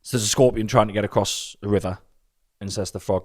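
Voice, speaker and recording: A hungover man co-hosting a podcast, telling stories in an animated, exasperated way. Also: lowish voice, quick pace. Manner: animated, exasperated storytelling with swearing. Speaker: podcast co-host. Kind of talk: casual chat.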